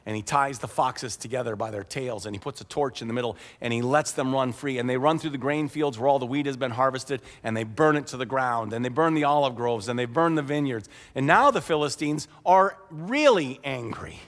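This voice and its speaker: A man's voice: mid-range voice, fairly quick, few pauses. A man preaching a sermon as pastor, retelling a story in a humorous, conversational way. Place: church sanctuary. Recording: echoey church hall.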